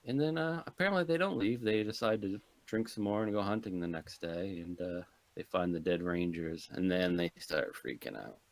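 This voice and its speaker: A man's voice: sits low, normal speed, gravelly. A man co-hosting a casual movie podcast, recounting a plot dryly in short, plain sentences. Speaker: podcast co-host.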